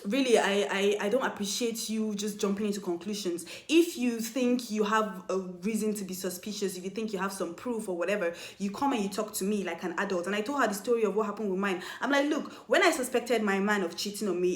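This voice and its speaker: A young woman telling a casual storytime vlog, animated, acting out quoted lines in a higher voice. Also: fairly quick, hardly any pauses. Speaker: vlogger. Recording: echoey room.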